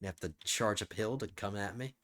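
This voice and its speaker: This gaming channel host has a lowish, strained voice and talks a little fast. He thinks aloud while playing a strategy game, keeping his let's-play commentary casual.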